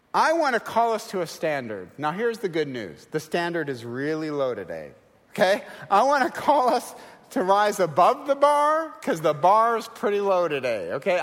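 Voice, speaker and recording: A middle-aged man preaching a sermon, telling stories and acting out quoted voices in a lively, animated way. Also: fairly high pitch, big-room sound. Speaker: guest preacher. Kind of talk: sermon with storytelling. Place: church sanctuary.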